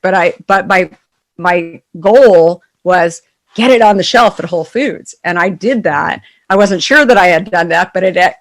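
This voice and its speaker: A middle-aged woman, a company founder, telling a story casually in an interview and acting out the people she quotes. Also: mid-range voice. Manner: animated, acts out quoted voices in stories. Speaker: founder and CEO guest.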